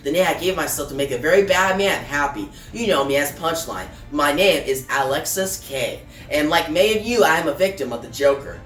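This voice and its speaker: A man's voice: on the high side, animated, fairly quick, hardly any pauses, fairly bright tone. A man reading out the confession of a young woman villain, using his plain voice for her lines. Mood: confessing. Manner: reads quoted lines in a plain voice. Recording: roomy, distant mic, faint music.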